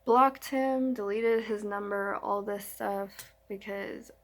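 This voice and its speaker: A woman's voice: mid-range voice, fairly even intonation, slow. A young woman vlogger telling a story in a slangy, rambling, frank way. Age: young adult. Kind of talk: casual storytime chat.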